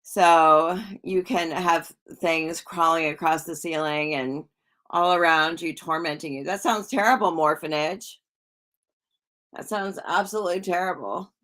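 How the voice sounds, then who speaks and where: A woman's voice: low voice, steady tone, measured pace. A middle-aged woman hosting a casual livestream, chatting with viewers and reading their comments in a rambling way. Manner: chatty and rambling, with frequent restarts and soft laughs. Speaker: psychic livestream host.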